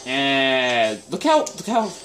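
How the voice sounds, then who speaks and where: Animated slow-talking man gaming. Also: mid-range voice, slight background noise. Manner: chatty, reacts aloud with sudden exclamations and muttered groans. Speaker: gameplay commentator. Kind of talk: casual live gameplay commentary.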